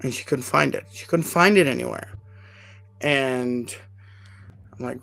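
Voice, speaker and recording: A man hosts a live podcast and tells a personal story in a casual, heartfelt way. His mid-pitched voice is heavily gravelly and full of fry. His delivery is animated and emotional, with plenty of "um"s, and faint music plays behind him. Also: normal speed, no room sound. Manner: emotional, animated retelling with many fillers. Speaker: podcast host.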